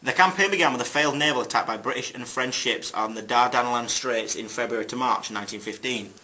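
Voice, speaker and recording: A young man talks through a school history project. His voice is bright and forceful, and he is in the middle of the usual range. He stumbles on fillers and drops in dry jokes along the way. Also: mid-range voice, fast talker. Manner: jokey asides, hesitant fillers. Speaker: student presenter. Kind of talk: narrating a school history video.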